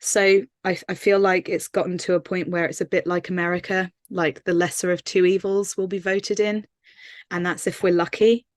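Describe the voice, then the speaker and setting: Woman singer-songwriter, low flat delivery, thoughtful and earnest, dry recording. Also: normal speed, no room sound. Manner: earnest, thoughtful, many fillers and restarts. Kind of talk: casual interview answers.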